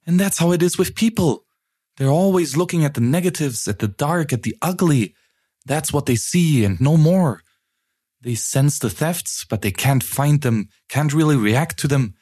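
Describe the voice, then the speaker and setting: A man voicing a troubled, intense woman in an audiobook, his voice pushed higher and strained for her. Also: animated, normal speed, a little mellow. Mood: heated. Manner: strained, raising pitch for her. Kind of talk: audiobook reading.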